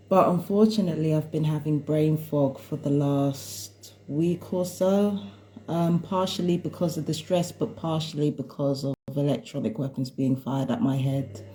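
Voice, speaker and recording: Woman venting on a live stream from home, low dark-ish voice, rambly and fed up. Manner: rambling, exasperated ranting. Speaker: tarot reader and vlogger. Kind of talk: casual live-stream monologue. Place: at home indoors.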